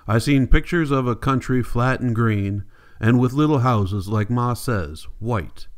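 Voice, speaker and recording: A man's voice: medium pitch, measured pace, close to an everyday voice. A man reading the part of a restless young farmhand in plain rural folk speech. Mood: wondering.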